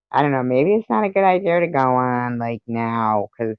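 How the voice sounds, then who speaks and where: A man's voice: medium pitch, clean tone, dry recording, lo-fi sound. A man hosting a livestream in casual chat, rambling to his viewers and cursing at his pets between topics. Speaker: livestream host. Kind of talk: casual chat with a live audience.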